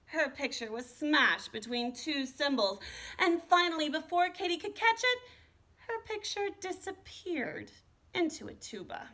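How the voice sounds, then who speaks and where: A woman art teacher reading a children's picture book aloud with an expressive, animated delivery. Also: high voice, unhurried. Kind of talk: storybook read-aloud.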